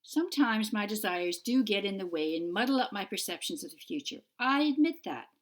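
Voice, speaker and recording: A woman's voice: mid-range voice, lively intonation, a little fast, close to an everyday voice. A woman voicing an earnest, eager young witch in an audiobook, with an insistent, pleading manner. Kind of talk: audiobook character voice.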